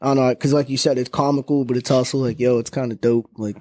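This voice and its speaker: A man's voice: medium pitch, level tone, quick pace, a little mellow, no room sound. A man on a podcast panel, chatting in a slangy, laid-back way and laughing often. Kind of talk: casual chat.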